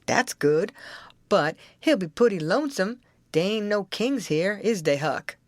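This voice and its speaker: A woman's voice: mid-range voice, lively intonation, a little slow, no room sound, studio quality, lightly acted. A woman reading an audiobook, voicing a stubborn, argumentative grown man with an insistent folksy drawl.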